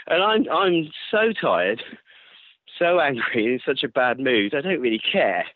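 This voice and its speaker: A man telling a running story in casual chat, animated, swearing and laughing as he goes. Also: medium pitch, moderate pace, no echo. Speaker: ultrarunner guest. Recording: tinny phone-line sound, dry.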